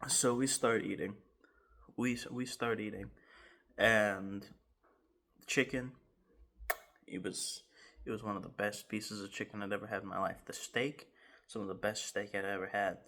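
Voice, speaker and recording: A man in his garage telling a rambling, animated story time with laughs and restarts. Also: on the low side, measured pace, vocal fry, pauses often. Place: home garage.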